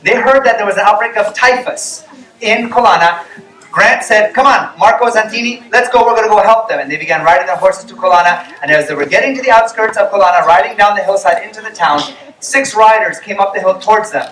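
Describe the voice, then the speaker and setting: A man storyteller telling a missionary story to children, animated and acting out the characters' voices. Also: high-pitched, fairly quick, reverberant, distant mic, poor audio. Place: camp meeting tent.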